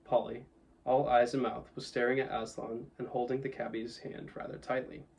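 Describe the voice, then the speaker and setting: A man reading a children's novel aloud in a steady, even storytelling manner, a little away from the mic. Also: medium pitch, gravelly, distant mic, low-quality recording. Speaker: audiobook reader. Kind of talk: storybook narration.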